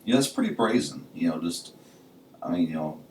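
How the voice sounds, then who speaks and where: Deep-voiced guy on a podcast, says "you know" nonstop, sounds far off in a roomy space. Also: lively intonation, brisk, darkish tone. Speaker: podcast co-host. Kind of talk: casual chat. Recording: distant mic in an echoey room.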